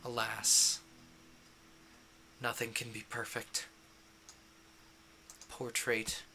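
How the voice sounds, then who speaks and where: A man's voice: medium pitch, completely flat delivery, extremely slow, pushed and bright, slight background noise. A man streaming a game, rambling casually and chuckling at his own jokes. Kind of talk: casual gameplay commentary.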